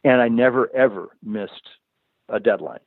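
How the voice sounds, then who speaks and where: A man with a voice on the low side speaks at a moderate pace, telling a long personal story as a guest in a casual, rambling manner, restarting sentences and often saying "you know." The recording is dry and tinny, like a phone line.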